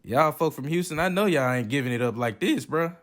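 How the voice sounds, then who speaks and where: A man's voice: a little high, a little fast, over loud music. A man giving casual, joking and profane commentary while reviewing movies. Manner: profane, joking, animated reactions.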